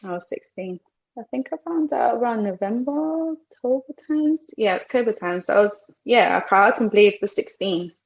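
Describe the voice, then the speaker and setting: A young Colombian woman with a British English accent tells her story as a podcast guest, dropping Spanish phrases into her English. Her fairly high voice moves at a moderate pace with some vocal fry, and she is animated, acting out other people's lines in casual storytelling. The recording has its highs cut off.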